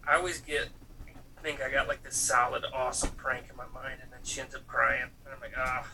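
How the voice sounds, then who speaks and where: A man's voice: medium pitch, level tone, a little fast, gravelly, pushed and bright, a little hiss or hum. A man in his thirties telling loose, profane stories in a casual chat, acting out quotes and padding with fillers. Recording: voice picked up from some distance, faint room ambience.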